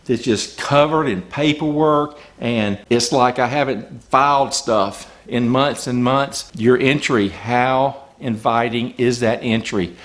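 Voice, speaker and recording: A man's voice: medium pitch, slow pace, hardly any pauses, fairly bright tone. A man coaching small business owners, talking emphatically and firing off rhetorical questions from the customer's point of view. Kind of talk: business advice talk.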